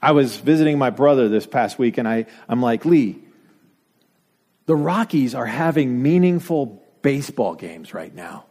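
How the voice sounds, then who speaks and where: A man's voice: medium pitch, animated, measured pace, darkish tone. A man from Denver preaching a sermon, full of rhetorical questions and dry asides. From Denver, United States. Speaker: pastor. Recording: long reverb from a hall.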